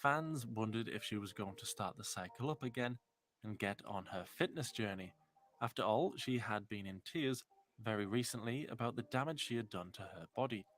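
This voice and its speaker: A man doing scripted documentary-style narration in a measured, storytelling way. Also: on the low side, animated, fairly bright tone.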